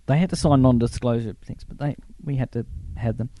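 A middle-aged man, a former film crew member, telling lively anecdotes in a casual interview and acting out the voices of the people he quotes. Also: mid-range voice, fairly quick, dry recording.

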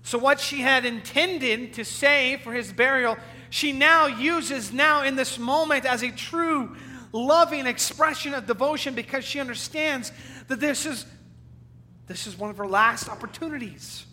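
A male pastor preaching a sermon with earnest emphasis, sometimes loud and sometimes dropping to a hushed, low delivery. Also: measured pace. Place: church sanctuary. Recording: church hall reverb with faint hum.

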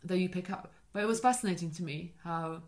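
Chatty woman telling a quick anecdote. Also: lowish voice, darkish tone. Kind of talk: casual chat.

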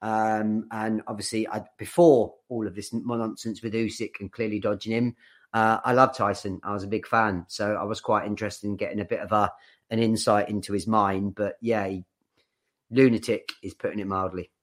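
A man's voice: on the low side, little pitch movement, normal speed. A young man co-hosting a podcast, chatting loosely with lots of swearing and restarts. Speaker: podcast co-host. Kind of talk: casual chat.

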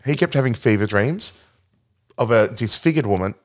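A man chatting casually about a film, retelling its plot in an animated, rambling way. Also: mid-range voice, moderate pace. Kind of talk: casual film review chat.

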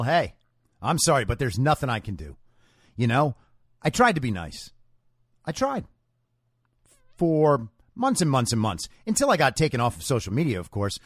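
A male host delivers a talk-show monologue in a sarcastic, mocking, lecturing tone. His pitch swings widely as he talks, and he sits in the middle of the male range. The recording is dry, with no room sound. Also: no echo.

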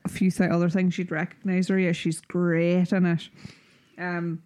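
Chatty Irish woman, low dry voice. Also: little pitch movement, normal speed, mellow, no room sound. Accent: Irish, Donegal. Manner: chatty, rambling with fillers and wee. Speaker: podcast co-host. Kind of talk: casual chat.

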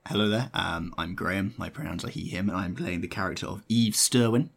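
A man's voice: sits low, a little fast, vocal fry. A man player on a tabletop game podcast, dry and wry in casual chat.

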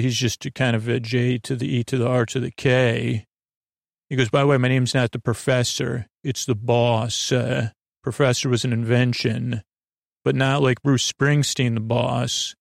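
A man retelling a TV episode as a sleepy bedtime story, meandering and halting, full of fillers and self-corrections. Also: medium pitch, creaky, dry recording, clean studio sound. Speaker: podcast narrator.

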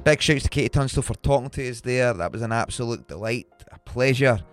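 A man's voice: medium pitch, expressive, a little fast, over music. A man from the UK hosting a podcast, joking and thanking listeners in a casual, swearing way. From United Kingdom. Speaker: podcast host.

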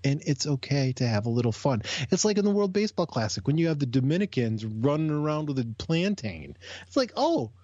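Brief: male podcast co-host, animated and jokey, husky, dry close mic. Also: a little high, a little fast, no echo, dull audio. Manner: animated, jokey, trails off mid-sentence. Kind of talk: casual chat.

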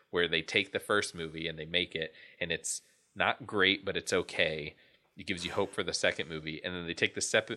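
A man with a low, bright-edged voice talks things through in a loose podcast chat. He wanders through long thoughts, circling back and restarting sentences. His tone stays sharp and forward despite the deep pitch. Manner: rambling, restarts thoughts often. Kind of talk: casual chat.

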